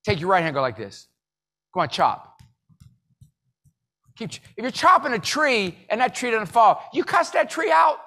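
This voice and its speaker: Bright, animated male motivational speaker. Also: high voice, moderate pace, long pauses. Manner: animated, leads the audience in call-and-response; jokey storytelling with sudden loud bursts. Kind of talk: live motivational keynote.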